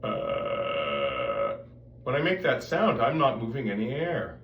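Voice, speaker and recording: A man's voice: medium pitch, animated, normal speed, lo-fi sound. A man giving a voice lesson, explaining step by step and breaking off to demonstrate vocal sounds. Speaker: voice teacher. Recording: roomy sound, mic at a distance, faint background noise.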